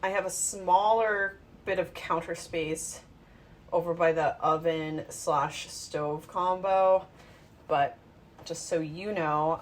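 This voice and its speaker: A woman's voice: fairly low pitch, a little hiss or hum. A woman talking to her phone while she cooks in her home kitchen, rambling and self-mocking as she thinks aloud. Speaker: home cooking vlogger. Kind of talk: casual talk while cooking.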